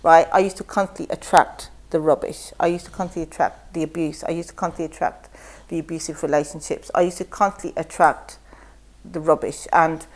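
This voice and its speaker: A middle-aged woman, a guest on a talk show, telling her story in a lively way and acting out what others said. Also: low voice, fairly quick. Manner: animated storytelling, acts out quotes. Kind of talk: casual chat.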